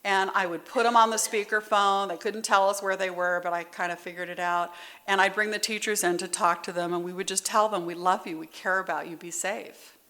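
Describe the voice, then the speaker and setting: Her delivery flat, sharp, and fairly quick, a middle-aged woman with a mid-range voice gives personal testimony at a recovery meeting. She's candid and conversational about her story, heartfelt and sometimes near tears.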